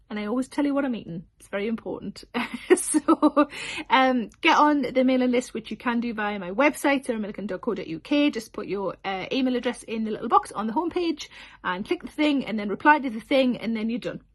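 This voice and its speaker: A woman's voice: a little high, animated, a little fast. A woman in her forties chatting casually to camera about her tour dates, giggly and full of self-deprecating asides. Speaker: comedian announcing tour dates.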